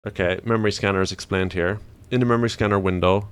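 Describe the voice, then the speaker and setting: A man's voice: lowish voice, fairly even intonation, fast, clean tone. A man streaming, chatting casually and ranting to himself as he browses.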